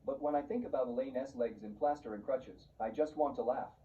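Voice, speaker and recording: A man reading the lines of a timid father-in-law who gloats in secret, in a flat, even voice. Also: mid-range voice, a little fast, natural voice. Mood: sly. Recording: muffled, distant, faint hiss.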